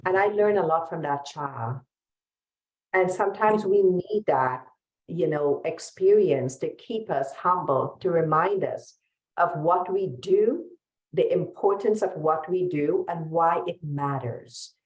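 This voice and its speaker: A woman's voice: on the low side, takes it slowly, lo-fi sound. A woman refugee lawyer speaking earnestly on a webinar panel, telling stories from her work. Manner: earnest, storytelling. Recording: echoey room sound.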